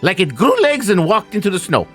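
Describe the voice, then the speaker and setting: A man's voice: high-pitched, sing-song, brisk, fairly bright tone, slightly rough, soft background music, pitched above the performer's own voice, heavily acted. A man voicing a feisty, indignant small woman in a cottage, scolding and defiant in a tabletop game.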